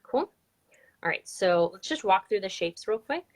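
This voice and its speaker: A woman's voice: mid-range voice, animated, moderate pace. A woman teaching a live online drawing lesson, chatty and upbeat as she explains each step. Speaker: drawing instructor.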